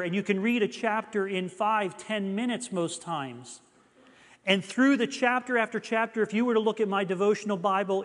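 A man's voice: high voice, fairly bright tone, big-room sound. A middle-aged man preaching a sermon, telling a personal story in an earnest, confessional way.

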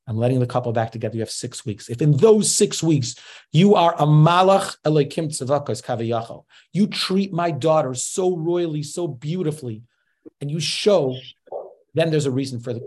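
A man's voice: medium pitch, fairly quick, a little mellow, lightly acted. A man voicing an older, furious father-in-law who is bitter and wounded, speaking in indignant outbursts. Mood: stern. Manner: raised, strained, indignant outbursts.

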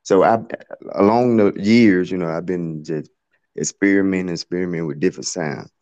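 Deep laid-back male producer, muffled. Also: normal speed, a little mellow. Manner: laid-back, slangy, loose. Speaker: guest music producer. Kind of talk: casual interview talk.

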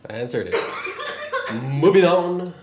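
A woman's voice: on the low side, very animated, slow, reverberant, noisy background. A woman chatting casually with her partner over a meal, teasing and laughing.

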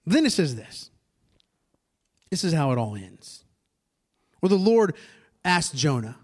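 A man preaching a sermon as pastor, animated, dropping to hushed asides and rising to loud acted-out lines. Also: on the high side, slow pace, pauses often. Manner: animated, acts out characters with big swings from hushed to loud.

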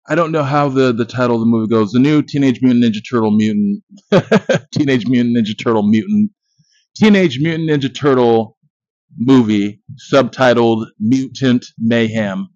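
A man's voice: medium pitch, moderate pace, a little mellow, no room sound. A man in his thirties hosting a podcast, giving a casual, profane and jokey movie review monologue full of boasts. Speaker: podcast host. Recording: dull lo-fi dry recording.

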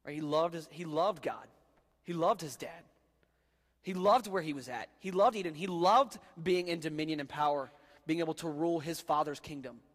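A male pastor gives a sermon in a loose, joking, conversational way and addresses the crowd as guys. His voice is a little high for a man. The sound carries the long reverb of a large hall. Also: moderate pace. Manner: casual and joking, talks to the crowd as guys, bro and dude.

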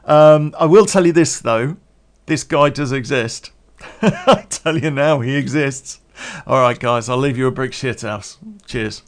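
A man's voice: medium pitch, measured pace. A man hosting a solo podcast, rambling in casual chat, chuckling often and swearing freely. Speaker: podcast host.

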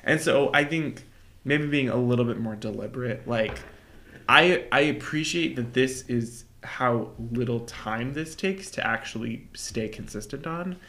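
A young man co-hosting a casual podcast, his voice at an ordinary middle pitch. He rambles through his points, hesitating and restarting often. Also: fairly bright tone. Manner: rambling, halting with many fillers and restarts. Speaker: podcast co-host. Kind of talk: casual chat.

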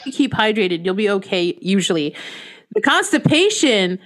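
A woman's voice: medium pitch, sing-song, moderate pace, a bit bright. A woman in her thirties hosting a podcast, chatting casually and crudely, swearing freely. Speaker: podcast host.

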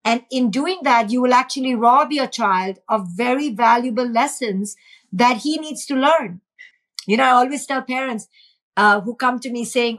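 A woman's voice: on the high side, normal speed. A middle-aged woman, a parenting expert, explaining earnestly and emphatically as a guest in a podcast interview.

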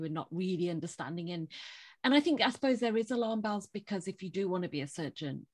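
Woman, podcast co-host, low-ish voice, chatty, dry close recording. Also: fairly quick, no room sound. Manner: chatty, animated, lots of fillers. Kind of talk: casual chat recapping a TV episode.

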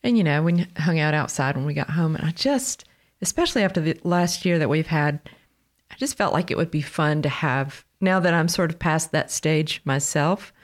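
Gentle Pittsburgh-area woman podcast host. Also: deep voice, moderate pace. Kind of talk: casual faith podcast chat.

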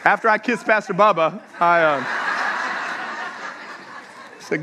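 A man's voice: sits high, lively intonation, measured pace, long pauses, crowd noise, noisy background. A man preaching a sermon as pastor, telling funny stories and throwing questions out to the congregation. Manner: humorous, storytelling, engages the audience with questions. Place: church sanctuary. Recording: echoey church hall.

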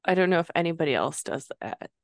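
A woman from the US Midwest, co-hosting a casual book podcast, playful and quick to drift off topic. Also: low voice, expressive, gravelly, no room sound, studio quality. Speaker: podcast co-host reading a book aloud. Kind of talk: casual book-club chat and reading aloud.

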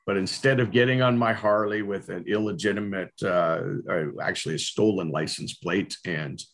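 A man's voice: low-pitched, fairly even intonation, moderate pace, fairly bright tone. A middle-aged man telling his personal testimony earnestly and candidly, with frequent fillers. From Canada.

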